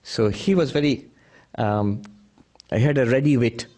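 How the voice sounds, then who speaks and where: At a measured pace, a monk teacher with a medium-pitched, slightly mellow voice shares anecdote after anecdote in a spiritual talk. He chuckles as he goes and often restarts his sentences.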